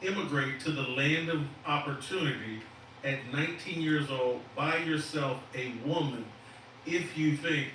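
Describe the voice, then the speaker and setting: A middle-aged man as a guest in a commentary chat, speaking bluntly and with measured dismissiveness. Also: on the high side, sharp tone, very echoey, far from the mic, slight background noise, rough recording.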